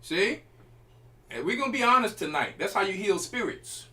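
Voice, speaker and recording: Animated, bright-voiced male preacher. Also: high-pitched, normal speed. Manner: emphatic, colloquial preaching with direct address to listeners. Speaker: church elder and preacher. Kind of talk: informal sermon teaching.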